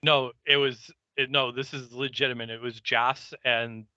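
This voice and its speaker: A man co-hosting a podcast, explaining details and chiming in with quick agreement. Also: medium pitch, level tone, pushed and bright, no room sound. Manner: quick agreeing interjections, laughs along. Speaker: podcast co-host. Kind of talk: casual episode recap. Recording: muffled lo-fi mic.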